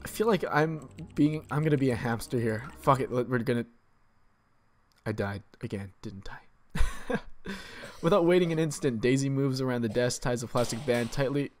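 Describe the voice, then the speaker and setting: A man's voice: mid-range voice, normal speed, a little mellow, a little hiss or hum. Laid-back sweary man playing a text game. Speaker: let's play host. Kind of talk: game commentary and reading aloud.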